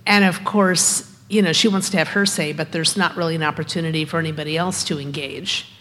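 Woman, very low voice, thoughtful group sharing, hesitant wording, echoing hall. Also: steady tone, fairly quick, a bit bright, a little hiss or hum. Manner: thoughtful, searching for words. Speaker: group discussion participant. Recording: long hall reverb.

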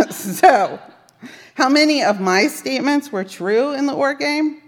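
A woman's voice: high voice, lively intonation, slow. A woman giving a sermon, telling a personal story with wry, self-deprecating humor. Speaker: worship service speaker. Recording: long reverb of a large hall.

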